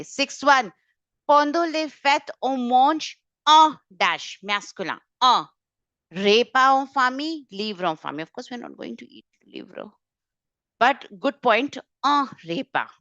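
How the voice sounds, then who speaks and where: Brisk lady teacher on a video call, fairly high voice, dry close sound, keeps repeating stuff and correcting. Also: fairly bright tone, clear, resonant tone, no echo, lo-fi sound. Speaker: French teacher. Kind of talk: online exam-prep class.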